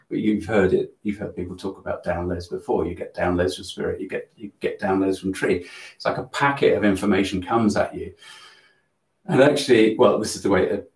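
A man telling a spiritual story in a live Q&A, earnest and animated, often restarting his sentences. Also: fairly low pitch. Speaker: host of a spiritual channel. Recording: roomy echo.

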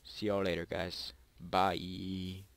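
A young man with a fairly low voice narrates his own gameplay in a rambling, chatty way, talking straight to his viewers. He bursts into excited yelps and pleading cries at close calls. Faint clicks sit under the recording. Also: normal speed, a little hiss or hum. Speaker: gaming YouTuber. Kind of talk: live gameplay commentary.

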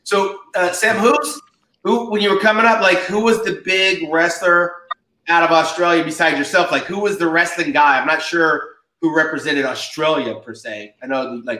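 A man's voice: a little high, bright, forceful tone. A man co-hosting a podcast, asking questions in a loose, chatty way. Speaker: co-host. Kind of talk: casual chat. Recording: roomy sound, away from the mic.

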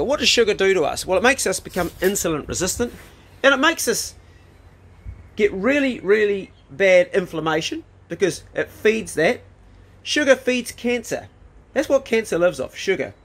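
A blunt, emphatic man talks straight to camera in a casual vlog. His voice sits a little higher than most men's, and he punches his points with the odd swear word. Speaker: vlogger. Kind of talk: casual opinionated talk to camera. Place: outdoors in a garden, then indoors.

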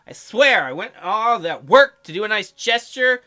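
An earnest, awkward young princess from a dating-sim game, put on by a man, eager and apologetic, pitched high with a sharp, bright tone. She sounds keen to please. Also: big pitch swings, normal speed, exaggerated voice.

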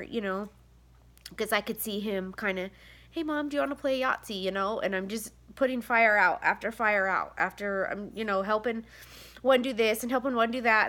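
Close to tears and worn out, a vlogger in her thirties with seven kids rambles through a confessional to the camera, sighing and using lots of fillers. She has a mid-range, fairly bright voice.

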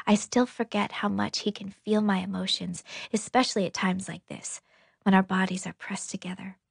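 A woman narrating a novel in an intimate, breathy, half-whispered audiobook reading. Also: medium pitch, dry recording, studio quality.

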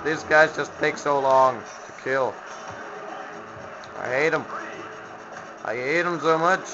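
A man's voice: fairly high pitch, slow pace, music in the background. A man from Finland commentating a video game he plays, grumbling, sarcastic and swearing at the enemies. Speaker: gameplay commentator. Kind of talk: let's play commentary. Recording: lo-fi home mic with background noise.

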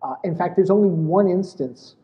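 A man's voice: sits high, normal speed. Man talking in a dull, echoing room. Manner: rambling, with many restarts and "you know"s. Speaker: guest, essay author and podcaster. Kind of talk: casual interview chat.

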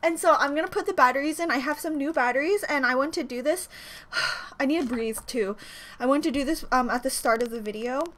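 A young woman chatting excitedly at home as a reaction vlogger, flustered and rambling, often restarting her sentences. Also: high voice, brisk. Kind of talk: excited casual vlog chat. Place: home room.

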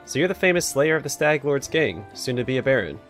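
A man reading aloud the lines of a smooth, self-assured young nobleman from a game, at a mild, slightly lifted tone. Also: mid-range voice, expressive, quick pace, a bit bright, soft background music, voice pushed up, close to an everyday voice. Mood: persuasive.

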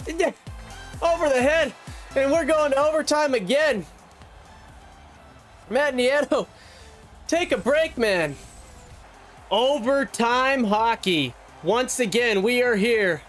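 A young man with a strikingly high voice calls his own video game hockey match like a sportscaster, rattling off plays and yelping at near misses. Light background music runs under his voice. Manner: animated, fast play-by-play with yelps and laughs. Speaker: gaming YouTuber doing play-by-play. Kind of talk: excited self-commentary over a hockey video game.

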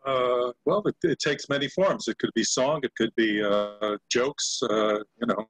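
A man's voice: medium pitch, steady tone, moderate pace, low-quality recording. An older man on a video call, a Yiddish actor and singer, talking casually with many fillers and hesitations. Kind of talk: casual video-call chat with sung comic song.

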